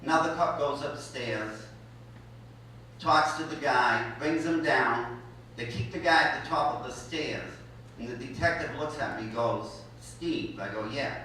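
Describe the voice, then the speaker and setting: A man doing stand-up comedy, telling a story with wry deadpan delivery and chuckling at his own lines. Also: medium pitch, unhurried. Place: live comedy show at a college venue. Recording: echoey hall, mic from far off, noisy.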